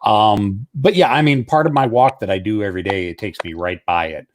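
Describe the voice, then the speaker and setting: A man's voice: lowish voice, brisk. A man from Washington State chatting casually as a guest, easygoing. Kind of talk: casual chat. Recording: faint background noise.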